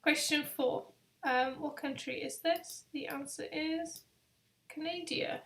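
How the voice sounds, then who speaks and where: Young woman with a high voice running a casual travel quiz stream, rambly and self-mocking. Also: fairly even intonation, a little slow, gravelly, a bit bright, a little hiss or hum. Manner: chatty, rambling, self-deprecating. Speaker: travel vlogger hosting a live quiz. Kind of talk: casual live-stream chat.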